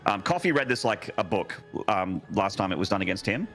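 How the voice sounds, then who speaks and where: Low-voiced male esports analyst. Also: very animated, a bit bright, faint music behind. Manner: measured, explanatory, playful asides. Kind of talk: live game analysis commentary.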